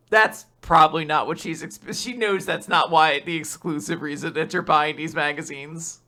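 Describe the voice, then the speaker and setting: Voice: medium pitch, steady tone, moderate pace, hardly any pauses, bright, forceful tone. A podcast co-host chatting casually about a manga chapter, sarcastic and swearing freely. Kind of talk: casual manga recap chat.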